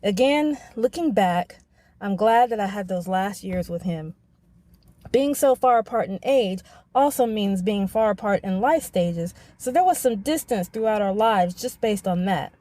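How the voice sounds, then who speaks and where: A woman hosting a podcast, reading a scripted personal narration in a reflective, measured way. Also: mid-range voice, expressive, mellow, no room sound. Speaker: podcast host.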